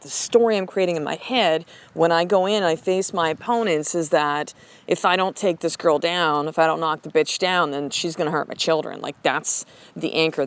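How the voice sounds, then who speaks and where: A woman in her thirties, a mother hosting her show, giving a blunt, profane motivational talk. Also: deep voice. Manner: blunt, profane, fast and emphatic. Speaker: podcast host and mother. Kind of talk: motivational monologue.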